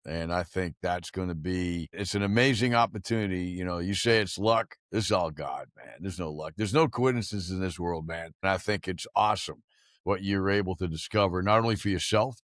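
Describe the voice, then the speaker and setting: A man with a lowish voice hosts a podcast and gives his guest earnest, encouraging praise before asking his closing questions. He talks in a relaxed, conversational way. The sound is dry and close to the mic. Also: fairly quick, dry recording. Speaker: podcast host. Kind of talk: casual interview chat.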